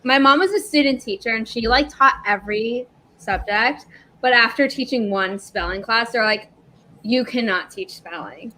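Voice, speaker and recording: Bright-voiced chatty woman. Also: on the high side, normal speed, a little hiss or hum. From New York, USA. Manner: chatty storytelling. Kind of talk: casual group video chat.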